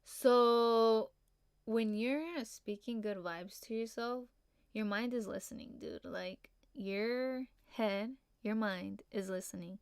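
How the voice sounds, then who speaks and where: A woman's voice: on the high side, slow, smooth, dry recording, clean studio sound. A young woman hosting a casual solo podcast, laid-back and rambling, full of fillers and casual swearing. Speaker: podcast host.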